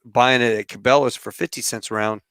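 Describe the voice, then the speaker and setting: A male host chatting casually in a relaxed, rambling way with lots of fillers. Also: medium pitch, a little fast, clear, resonant tone, dry recording, clean studio sound. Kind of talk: casual chat.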